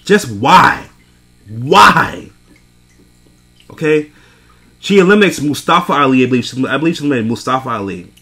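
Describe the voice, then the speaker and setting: A man's voice: mid-range voice, animated, racing, fairly bright tone. A young man recapping a wrestling event in a casual, profane rant, exasperated and laughing between points. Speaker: wrestling show reviewer.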